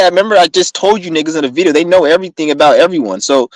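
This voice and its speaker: A man's voice: fairly high pitch, lively intonation, rapid-fire, few pauses, no echo, poor audio. Profane rambling young man, dry sound. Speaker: vlogger. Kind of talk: casual rant to camera.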